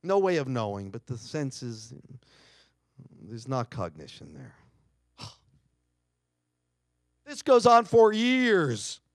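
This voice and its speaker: A man's voice: mid-range voice, huge pitch swings, takes it slowly, long pauses, no echo, clean studio sound. A middle-aged man giving a keynote talk, telling a family story dramatically and acting out quotes. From United States. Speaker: keynote speaker. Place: lecture hall.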